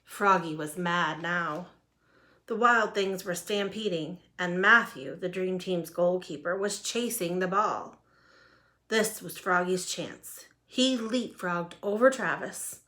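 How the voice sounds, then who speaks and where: A woman reading a children's picture book aloud in a lively, expressive way. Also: lowish voice, takes it slowly. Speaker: storyteller. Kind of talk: children's storybook read-aloud.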